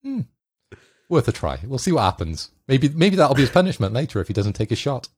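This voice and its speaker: A man's voice: mid-range voice, very animated, a little fast, husky. A man co-hosting a casual podcast, dry and teasing. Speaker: podcast co-host. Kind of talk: casual chat.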